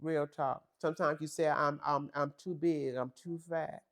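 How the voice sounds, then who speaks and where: A woman's voice: low-pitched, steady tone, normal speed. Emphatic woman preaching a pep talk. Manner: talks straight to women listeners, calls them girl and honey. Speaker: podcast host. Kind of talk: faith-based motivational talk.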